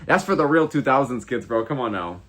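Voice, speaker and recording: A man's voice: mid-range voice, animated, fairly quick, a bit bright. An American man in his twenties hosting a casual livestream, reading viewer comments and reacting with slangy, heavy swearing. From United States. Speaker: livestream host.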